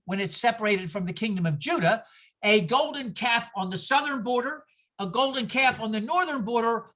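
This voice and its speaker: A woman giving a lively, sarcastic talk, acting out voices with exaggerated outbursts as she teaches. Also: on the high side. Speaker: speaker giving a talk on scripture. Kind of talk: lively lecture.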